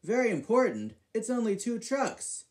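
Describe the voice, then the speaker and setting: A man's voice: high voice, big pitch swings, normal speed, pitched above the performer's own voice. A man voicing a teasing male steam engine who is the big brother in a homemade storybook reading.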